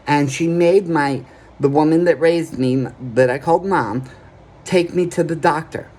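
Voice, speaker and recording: A vlogger with a darkish, higher-leaning voice tells a personal story straight to camera at a moderate pace. He's earnest, emphatic, and plain-spoken, often pausing to check in with "okay?" between points.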